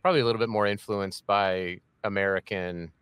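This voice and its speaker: A man's voice: on the low side, fairly even intonation, a little fast, fairly bright tone, clear, resonant tone, no echo. A man hosting a podcast interview, chatty and jokey, with rambling asides. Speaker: podcast host. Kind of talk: casual interview chat.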